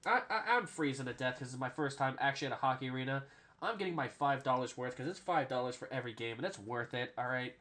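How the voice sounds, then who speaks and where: A man's voice: medium pitch, fast talker, pushed and bright. A man hosting a casual sports podcast, rambling through stories, often adding "all right?" and swearing freely. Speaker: podcast host.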